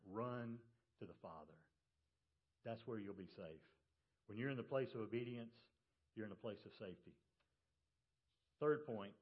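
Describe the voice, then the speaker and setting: A man preaching in a church service, telling the story in a relaxed, conversational way and dropping low and quiet on quoted lines. His voice sits at a middle pitch. The audio is slightly dull and lo-fi. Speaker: pastor. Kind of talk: sermon.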